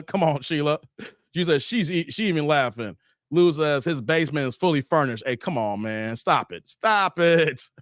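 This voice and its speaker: A man's voice: sits high, a bit bright, no room sound, studio quality. A man hosting a casual live stream, reading chat comments in a laid-back, slangy way and laughing often.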